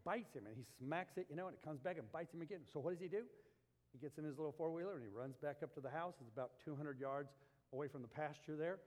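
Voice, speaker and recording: A male pastor with a somewhat high voice preaches in a church, his words ringing with long hall reverb. He moves between scripture and folksy, rambling personal stories told in an easygoing storyteller's manner. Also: fast talker, darkish tone. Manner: folksy, storytelling with homey asides. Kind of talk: sermon.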